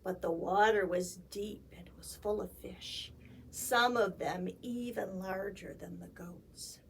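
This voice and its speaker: A woman librarian reading a story aloud at a children's storytime, dramatic and expressive, with hushed asides. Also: medium pitch, slow, gravelly, a little hiss or hum.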